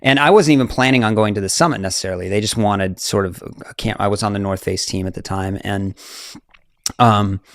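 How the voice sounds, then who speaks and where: A man's voice: fairly low pitch, brisk, no echo, studio quality. A man in his forties, a mountaineer guest, telling his story casually with many fillers and laughs. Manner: animated, fillers, laughs often.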